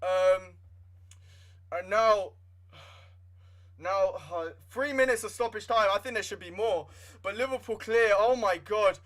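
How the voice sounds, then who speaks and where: Young man, high-pitched, live football watchalong host, excitable fan commentary. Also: takes it slowly, pauses often. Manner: excitable, swings from nervous to shouting.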